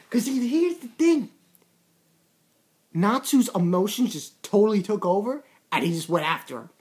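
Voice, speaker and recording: A woman giving a casual, excitable comic chapter review, repeating words and retelling scenes in quoted voices. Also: mid-range voice, measured pace, pauses often.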